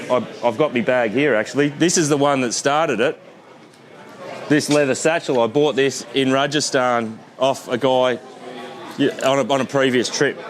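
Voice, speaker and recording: A middle-aged man with an Australian accent, the founder of a tour company, telling a story in a relaxed, casual way, with loose swearing and lots of fillers. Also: mid-range voice. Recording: busy crowd noise behind.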